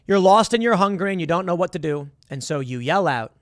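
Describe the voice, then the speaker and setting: A man's voice: fairly high pitch, fast, no room sound, studio quality. A man hosting a casual commentary monologue, walking the listener through hypothetical scenarios and rising to emphatic bursts. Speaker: political commentary host.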